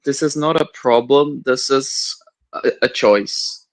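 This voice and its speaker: A man argues football tactics on a live stream in a firm, explaining way. His voice sits mid-pitch and the sound is dry and close. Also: slow pace, no room sound, rough recording. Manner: argumentative, explains tactics firmly. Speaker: co-host of a live match watch-along. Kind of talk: casual live football chat.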